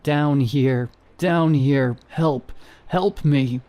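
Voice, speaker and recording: A man voicing an inhuman thing in a pit that mimics a frightened young woman, pleading and eerie, sometimes in a raspy whisper. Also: on the high side, drawn-out words, dark tone. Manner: pleading, then eerily singsong.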